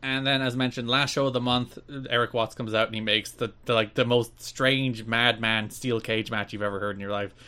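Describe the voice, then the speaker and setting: A man co-hosting a wrestling podcast in casual chat, recapping with excited, rambling energy. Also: medium pitch, normal speed, hardly any pauses, clean tone. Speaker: podcast co-host.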